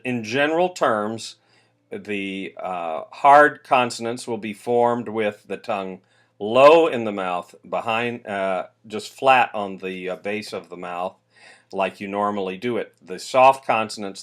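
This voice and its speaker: American male voice coach, low-pitched, relaxed explainer with spoken sound demos. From United States. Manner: demonstrates sounds, relaxed with fillers. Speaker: voice teacher. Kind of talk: explaining singing diction.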